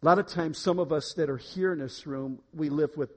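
A man preaching a sermon in a church room, emphatic, swinging between quiet and loud. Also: fairly high pitch, a little fast. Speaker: pastor.

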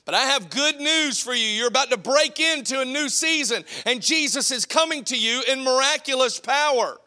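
A man preaching a sermon, impassioned, swinging from shouts to hushed, drawn-out phrases. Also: very high-pitched. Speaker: pastor.

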